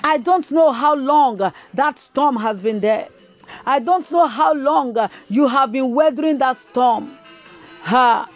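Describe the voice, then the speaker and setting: A woman's voice: high-pitched, soft background music. A woman evangelist preaching a livestreamed sermon, drawing out and repeating her phrases with emphasis, dropping "eh" between lines and breaking into tongues. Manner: slow, drawn-out emphatic preaching with repetition and bursts of tongues; punctuates phrases with "eh".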